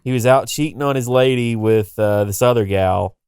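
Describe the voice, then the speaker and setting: A man's voice: medium pitch, moderate pace, darkish tone, clean tone, no echo, studio quality. A man co-hosting a podcast, telling a story in casual, emphatic, joking chat. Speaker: podcast co-host.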